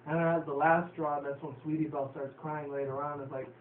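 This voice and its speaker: Man, reviewer, casual rambling episode recap, slightly high voice, roomy and far from a phone-like mic. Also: flat delivery, a little fast. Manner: rambling, filler-heavy, swears casually. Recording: distant, roomy, phone-like, faint hiss.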